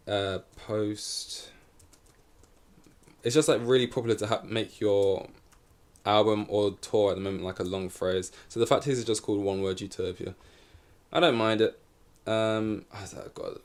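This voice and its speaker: Male podcast host, solo, loose and chatty, trips over himself, sits a bit low. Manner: rambling, self-correcting, swears casually. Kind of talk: casual solo chat. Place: in front of a camera.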